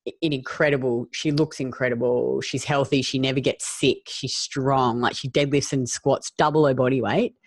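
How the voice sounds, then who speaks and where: A woman's voice: rumbling low, fairly even intonation, moderate pace, no echo. A woman hosting a casual health-coaching conversation, chatty and peppered with "like" and "you know". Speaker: health coach and podcast host.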